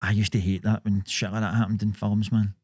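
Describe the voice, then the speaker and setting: A man's voice: lowish voice, level tone, fairly quick, a little mellow, slightly rough, no echo, studio quality. A young Scottish man co-hosting a podcast, swearing freely in laid-back banter. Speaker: podcast co-host. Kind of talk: casual chat.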